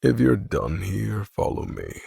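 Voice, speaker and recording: A man voicing a cold, controlling, wealthy older father in a deep, gravelly monotone. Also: measured pace, dry recording, clean studio sound, exaggerated voice. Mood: cold, menacing. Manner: calm monotone menace.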